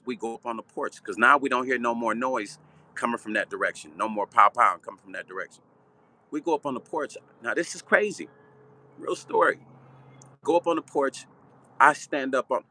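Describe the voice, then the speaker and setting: An older man from Chicago telling a personal story in a vivid, blunt, street-style way. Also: mid-range voice. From Chicago, Illinois. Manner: vivid, animated storytelling, repeating "right?". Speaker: vlog host and musician.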